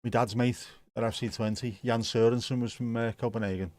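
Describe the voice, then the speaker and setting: A man's voice: medium pitch, steady tone, a little fast, darkish tone, no room sound, clean studio sound. Wry, chatty man streaming. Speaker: watch-along streamer. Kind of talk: casual live stream chat reading viewer comments.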